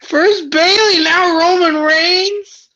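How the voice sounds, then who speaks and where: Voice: high-pitched, normal speed, bright, forceful tone, dull audio. A performer voicing a naive, childlike wrestling sidekick who rambles earnestly and turns weepy. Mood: tearful. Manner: rambling and earnest, tearful at times. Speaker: sidekick co-host. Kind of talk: comedy wrestling sketch.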